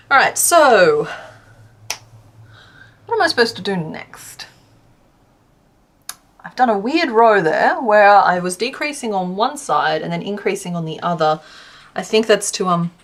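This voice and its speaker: An Australian woman from Western Australia chatting casually to her live-stream chat while crocheting, laughing often. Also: mid-range voice.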